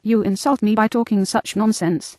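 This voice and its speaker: A woman's voice: medium pitch, moderate pace, dark tone, dry recording, natural voice. Brief: woman reader as a stern little mouse, easily insulted, storybook tone, dry booth. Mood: severe. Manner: severe, offended. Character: touchy indignant male mouse.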